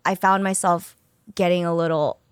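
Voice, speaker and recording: A woman's voice: lowish voice, steady tone, moderate pace, clear, resonant tone, dry recording, studio quality. A woman guest on a podcast, chatting frankly and easily, telling stories. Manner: chatty, frank, easy storytelling. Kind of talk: casual chat.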